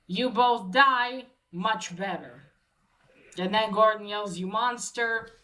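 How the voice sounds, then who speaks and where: A woman casually recapping a story aloud, halting with many fillers and restarts. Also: mid-range voice, bright, forceful tone, poor audio.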